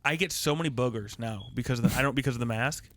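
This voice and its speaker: A man's voice: medium pitch, quick pace, a bit bright, no echo. A man co-hosting a podcast in casual chat, joking and laughing through crude banter. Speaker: podcast co-host.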